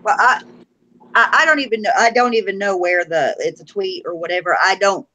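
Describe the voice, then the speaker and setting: A woman's voice: mid-range voice, a little fast, pushed and bright, a little hiss or hum, poor audio. A woman co-hosting a casual live-stream chat, blunt and profane, teasing with laughter.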